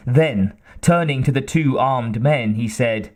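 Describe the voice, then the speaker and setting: Male narrator, mid pitch, very slow measured audiobook reading. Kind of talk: scripted narration.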